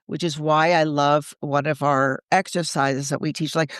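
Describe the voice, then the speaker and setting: A woman's voice: low-pitched, fairly even intonation, normal speed, smooth, no echo, clean studio sound. A woman who is a Catholic coach and podcast co-host, talking in an earnest, reflective way and often building lists and rhetorical questions. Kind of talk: conversational podcast chat.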